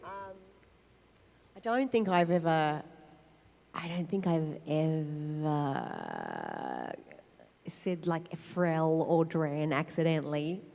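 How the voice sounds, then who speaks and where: A woman's voice: sits low, big pitch swings, slow, vocal fry, pauses often, warm tone. A woman on a convention panel, chatting playfully with lots of laughter. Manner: playful, giggly, acts out voices. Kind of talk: casual panel chat. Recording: echoey convention hall.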